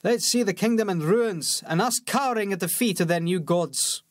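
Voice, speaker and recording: A man's voice: sits high, normal speed, no room sound, clean studio sound, pitched above the performer's own voice, lightly acted. A man voicing a scornful, bulky warrior lieutenant. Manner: scornful, gruff soldier talk.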